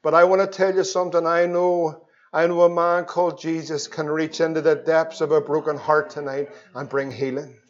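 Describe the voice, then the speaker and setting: A man preaching an evangelistic sermon, swinging between loud pleas and hushed tones. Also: a little high, flat delivery, moderate pace. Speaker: pastor. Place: church. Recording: dull lo-fi sermon recording.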